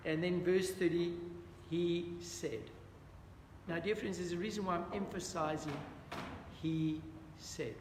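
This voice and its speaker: Bible study teacher, male, high voice, echoey hall with long reverb, faint background ambience. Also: background noise. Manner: earnest, questions the audience, repeats "dear friends". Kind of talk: interactive Bible study lesson.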